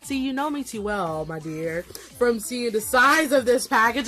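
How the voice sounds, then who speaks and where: Gushing young woman with a slow, high voice. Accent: Southern US country. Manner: gushing, excitable exclamations. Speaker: vlogger unboxing a gift package. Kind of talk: casual unboxing chat.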